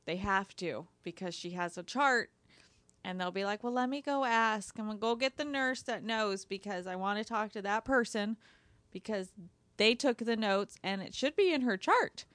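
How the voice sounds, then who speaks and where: A woman's voice: mid-range voice, lively intonation, moderate pace, fairly bright tone, dry recording. A woman speaking as a patient, talking indignantly and emphatically in casual chat.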